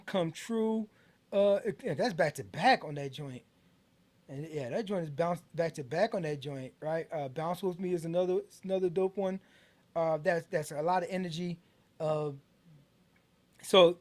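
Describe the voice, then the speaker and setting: A middle-aged American man hosting a casual album review podcast, talking in a loose, rambling way with many fillers and restarts. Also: high-pitched. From United States. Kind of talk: casual music review talk.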